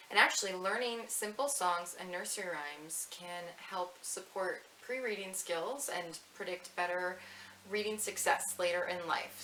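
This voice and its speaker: A woman leading a family story time at a library, chanting rhymes in a sing-song way, slowly for the snail and fast for the mouse. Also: lowish voice, bright, forceful tone. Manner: sing-song, reads rhymes slowly and quickly to match the words. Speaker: children's librarian. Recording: echoey room with faint hiss.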